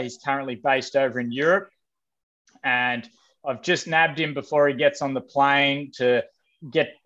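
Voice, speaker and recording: A man's voice: mid-range voice, fairly bright tone. A man hosting a podcast, asking questions in an easygoing, joking, matey way. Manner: joking, easygoing, mate-style banter. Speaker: podcast host. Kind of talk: casual interview chat. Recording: dull lo-fi podcast sound.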